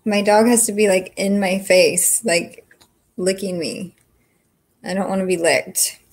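Woman host, casual livestream banter, blunt and sweary, mid-pitched voice. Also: steady tone, a little slow. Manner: chatty, frank, swears freely. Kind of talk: casual livestream chat with viewers.

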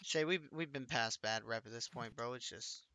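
A man's voice: mid-range voice, normal speed, noisy background. A man streaming a game, chatting casually with his viewers and teasing his friends. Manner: joking, teasing banter with chat and friends.

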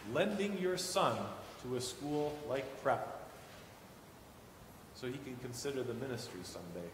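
A man's voice: medium pitch, a little slow, noisy background. Man preaching in an echoey church. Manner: warm storytelling with animated quoted voices. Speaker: guest preacher. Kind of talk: sermon. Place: church sanctuary. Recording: echoey hall with long reverb.

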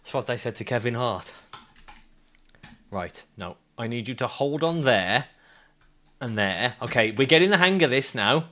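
A man's voice: mid-range voice, animated, normal speed, long pauses, pushed and bright. A man streaming a climbing game, ranting, swearing and laughing at his climber as he plays. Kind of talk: live gameplay commentary.

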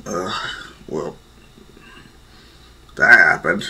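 A man's voice: sits low, very slow, creaky, pauses often, bright, forceful tone, husky. A man casually telling an improvised fan story with a rambling manner.

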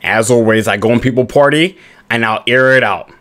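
A man trolling players over game voice chat on a headset, mock-serious and theatrical, often breaking into loud shouts. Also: medium pitch, a little fast.

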